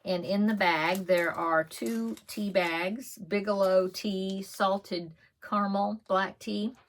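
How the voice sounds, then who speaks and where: A woman's voice: mid-range voice, steady tone, takes it slowly. A woman vlogger, an older grandmother, casually opening and reading holiday cards, chatty and laughing often. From Texas. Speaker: podcast host. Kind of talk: casual vlog, opening mail.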